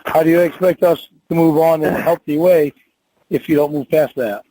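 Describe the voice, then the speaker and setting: Defensive man with a slightly higher voice. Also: fairly even intonation, moderate pace, warm tone, no room sound, poor audio. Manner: defensive, laughs easily. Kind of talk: casual couple banter.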